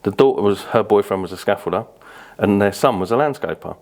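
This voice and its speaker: A man's voice: on the low side, quick pace, creaky, a little mellow. A British man from Birmingham, a podcast guest telling rambling stories with lots of fillers and casual swearing. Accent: British English. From Birmingham, England. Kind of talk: casual interview storytelling.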